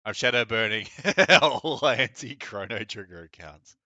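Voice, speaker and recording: A man's voice: lowish voice, animated, a little slow, bright, forceful tone, dry recording. A young man chatting casually on a live gaming stream, blunt, opinionated and mocking. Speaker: game streamer.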